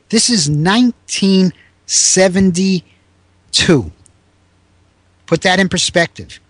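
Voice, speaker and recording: Animated older male storyteller. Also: dry recording. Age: 70s. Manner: animated, raises pitch to act out quoted people. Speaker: guest, former teacher. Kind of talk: storytelling in a conversation.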